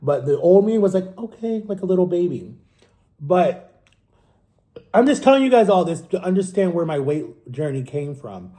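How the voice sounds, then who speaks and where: Guy in his 30s from florida just rambling his story to the camera, kinda high but mellow voice, backs up and fixes himself a lot. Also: expressive, normal speed, pauses often. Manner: rambling and candid, self-correcting. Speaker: vlogger. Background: eating on camera.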